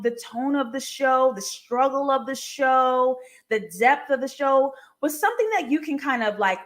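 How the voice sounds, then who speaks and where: Young woman live-stream host, casual and animated, quick laughs, slightly high voice. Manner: chatty and animated, laughs often. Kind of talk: casual live-stream chat, reading viewer comments.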